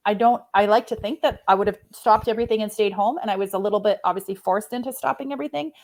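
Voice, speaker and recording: A woman's voice: medium pitch, fast talker, a little mellow. A woman in her forties hosting a live online interview, talking in an effusive, heartfelt way. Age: 40s. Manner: effusive, heartfelt, openly emotional. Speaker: host.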